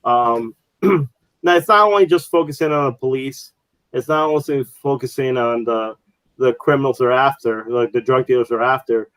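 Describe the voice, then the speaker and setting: Male podcast co-host, mid pitch, dry close mic, loose rambling delivery with lots of fillers. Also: normal speed, fairly bright tone, clear, resonant tone, dry recording, poor audio. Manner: rambling, many fillers and restarts. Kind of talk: casual chat.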